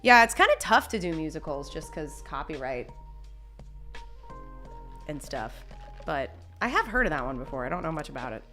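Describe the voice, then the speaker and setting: A woman's voice: low-pitched, sing-song, normal speed, pauses often, fairly bright tone, faint music behind. A young woman chatting casually on a live stream, reading chat messages, laughing often and talking with lots of restarts. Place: home.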